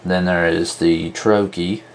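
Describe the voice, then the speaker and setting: A man with a very low voice explains a lesson at an unhurried pace, walking methodically through each example and counting items off one by one. A faint hum sits behind him. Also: little pitch movement. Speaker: teacher. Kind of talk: explaining at a whiteboard.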